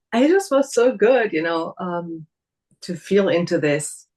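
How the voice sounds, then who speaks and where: A woman's voice: fairly low pitch, animated, takes it slowly, husky. Woman sharing feelings, searching for words. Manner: warm, searching for words, laughs often. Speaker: workshop participant. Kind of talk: personal sharing.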